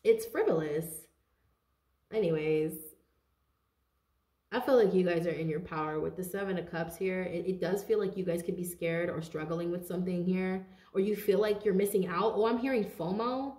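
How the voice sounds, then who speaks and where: A woman giving a casual tarot reading straight to her viewers, chatty and animated, laughing often and talking to them as "you guys". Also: fairly low pitch, normal speed, echoey room. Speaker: tarot reader.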